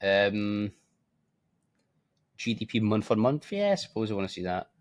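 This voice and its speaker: A man's voice: fairly low pitch, very animated, moderate pace. A tired man giving casual, blunt market commentary as a forex trading presenter. He swears freely, keeps yawning and makes offhand asides.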